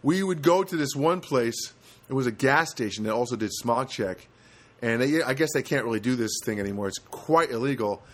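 A middle-aged man, a comedian, telling a rambling story. His speech is loose and full of fillers and restarts. His voice sits at an ordinary middle pitch. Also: expressive, moderate pace. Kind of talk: casual storytelling chat.

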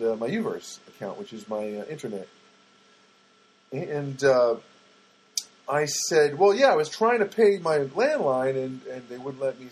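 A man's voice: on the high side, darkish tone, slightly rough, poor audio. A man telling a long wry anecdote to his listeners, chatty and full of asides and fillers. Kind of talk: rambling anecdotal storytelling.

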